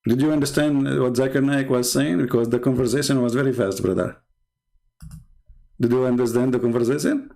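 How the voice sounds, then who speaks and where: A man's voice: mid-range voice, a little fast, vocal fry, mellow. A man from the Middle East whose first language is Arabic, speaking as a Christian apologist in combative, sarcastic polemic talk that hammers home the same points.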